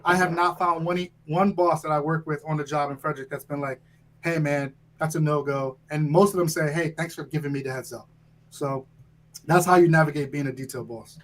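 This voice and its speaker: A man's voice: fairly high pitch, fairly even intonation, brisk, a little hiss or hum, rough recording. A man who trains firefighters, talking in a casual podcast interview in a direct, emphatic way, often checking in with "right?". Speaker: fire training instructor, guest.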